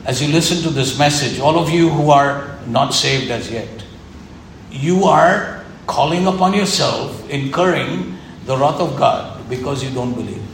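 Gravelly-voiced man preaching in an echoey room. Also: medium pitch, unhurried. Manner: earnest, repetitive, emphatic preaching. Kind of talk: sermon. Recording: echoey room with faint ambient noise.

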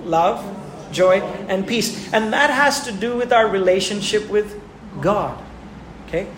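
A man's voice: high voice, a little slow, fairly bright tone. A man preaching a sermon who asks his listeners questions and repeats words for emphasis. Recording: echoey room with faint ambient noise.

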